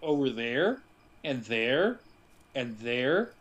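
A man casually recapping a movie for a podcast, telling it with jokes and quick asides. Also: mid-range voice, muffled recording. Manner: joking, animated storytelling with quick asides.

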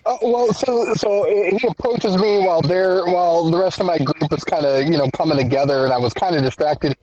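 A man's voice: high voice, brisk, mellow. A man playing a tabletop game, chatting in jokey, rambling asides. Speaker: player. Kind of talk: casual tabletop game talk. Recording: dull lo-fi sound.

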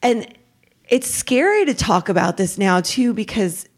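A woman in her forties, a podcast guest, talking candidly and haltingly about painful memories, with nervous laughs to lighten things. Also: medium pitch, very animated. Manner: halting, emotional, self-deprecating, laughs through hard moments. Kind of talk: candid personal interview.

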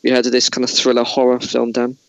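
A man hosts a casual chat in a medium-pitched voice. He rambles and digresses, often restarting his sentences. The recording is dry and close. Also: completely flat delivery, fast talker, creaky, dry recording, lo-fi sound. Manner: chatty, digressive, many restarts. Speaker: podcast host.

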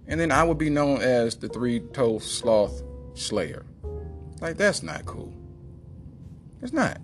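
A man's voice: medium pitch, big pitch swings, takes it slowly, long pauses, soft background music. A man hosting a podcast, telling a rambling, joking comedic monologue and slipping into silly voices. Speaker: podcast host.

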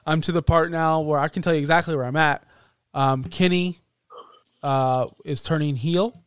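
A man co-hosting a casual wrestling podcast, excitable and rambling, with plenty of ums and fillers. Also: on the high side, moderate pace, clean tone, dry recording, studio quality. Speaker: podcast co-host.

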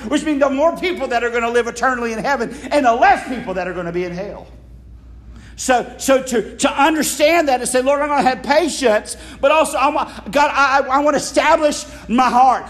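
A man preaching a sermon in a lively way, with rhetorical questions and acted-out quotes, speaking. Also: very high voice. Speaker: pastor.

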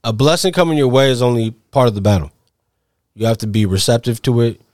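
A man's voice: mid-range voice, expressive, fast, darkish tone, no echo, studio quality. A man co-hosting a casual podcast, talking reflectively with plenty of swearing. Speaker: podcast co-host.

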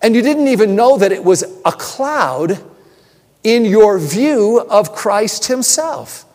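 A man preaching to a congregation, moving from chatty stories with a bit of self-deprecating humor into teaching. His voice sits fairly high and swings widely in pitch. A long reverb rings out around him in a large church hall. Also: big pitch swings, slow, a little mellow. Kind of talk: sermon with storytelling.

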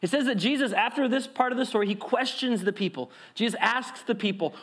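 A man preaching a sermon, retelling a parable with lively acted-out crowd voices and rhetorical questions. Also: very high voice, brisk. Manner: animated storytelling, acts out crowd voices. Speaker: pastor.

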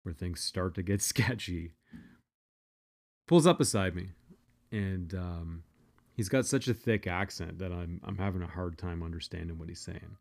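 A man's voice: sits low, a little slow, creaky, darkish tone. A man telling a personal story in a casual, blunt, profane way, often restarting his sentences.

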